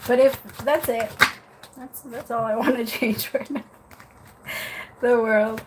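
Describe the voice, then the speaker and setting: A woman's voice: fairly high pitch, fairly even intonation, slow, noisy background. A woman giving tarot readings on a live stream, chatty and apologetic, laughing often. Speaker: tarot reader.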